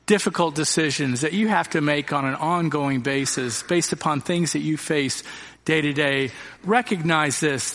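A man's voice: on the high side, fairly bright tone. A man preaching as pastor, earnest and direct, asking his congregation rhetorical questions. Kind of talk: sermon. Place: church sanctuary. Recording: long reverb of a church hall.

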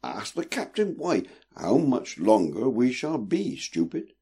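A man's voice: fairly low pitch, big pitch swings, unhurried, creaky, dark tone, breathy edge, full character voice. A man doing an eager, stammering little girl. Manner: pleading, stammering. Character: eager, impatient young girl.

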